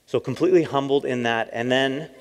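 A man giving a lively storytelling talk as a missionary, acting out his own quoted lines and laughing often. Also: mid-range voice, brisk. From Canada. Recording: long hall reverb.

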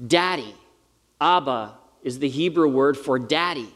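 A man's voice: mid-range voice, normal speed, a bit bright. A middle-aged man preaching a sermon to a live audience, in a conversational, earnest and self-deprecating way. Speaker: pastor. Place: large hall with live audience. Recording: reverberant hall.

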